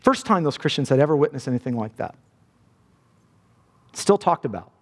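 Man, pastor, sermon, high voice, earnest, fervent, long hall reverb. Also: sing-song, normal speed. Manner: earnest, building to fervent emphasis.

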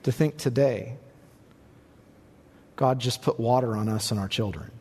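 A man preaching a sermon as pastor, building to emphatic peaks and dropping low for quiet points. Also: a little slow, husky. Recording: long reverb in a large hall.

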